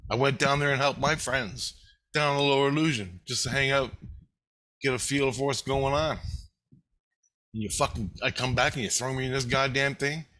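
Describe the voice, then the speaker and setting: An angry man tears through a rambling, profanity-laced monologue. His voice is bright and forceful, and his pitch sits in an ordinary middle range. He swears at nearly every turn. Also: steady tone, normal speed. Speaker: vlogger.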